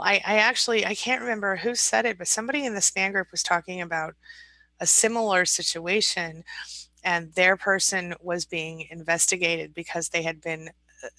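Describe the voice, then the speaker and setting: A woman coaching viewers on a live stream, reading their comments aloud and chatting back in a warm, rambling way. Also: on the low side, no echo, poor audio.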